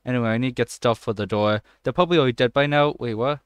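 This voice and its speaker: Excitable young man, smooth voice. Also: medium pitch, racing, dry recording. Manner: excitable, swears often, jokey running commentary. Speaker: gaming channel host. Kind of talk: let's play commentary.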